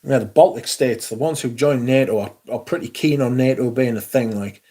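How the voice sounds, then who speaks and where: A man's voice: mid-range voice, brisk, warm tone. A man hosting a livestream, chatting casually in a sweary, rambling way. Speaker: fragrance livestream host.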